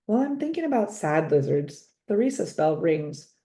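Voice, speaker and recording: A woman reading a children's storybook aloud, expressive and drawing out words for effect. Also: fairly low pitch, normal speed. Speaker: storybook reader.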